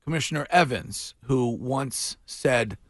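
A man's voice: mid-range voice, animated, slow pace, no room sound. Guy hosting morning radio, jokey rambling chat, dry close studio mic. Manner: chatty, jokey, trailing fillers and restarts. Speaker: radio morning show host. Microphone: studio microphone.

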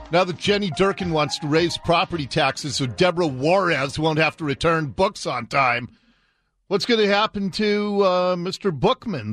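A man in his fifties hosting talk radio, mocking and sarcastic in his commentary. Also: fairly bright tone. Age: 50s. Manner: sarcastic, mocking, swings in pitch. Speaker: radio host.

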